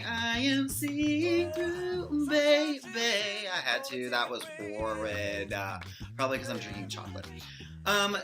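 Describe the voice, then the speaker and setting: A young woman excitedly telling a fan story in a casual vlog, gushing and giggly. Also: very deep voice. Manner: gushing fangirl, giggly, animated quoting. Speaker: vlogger. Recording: music playing behind.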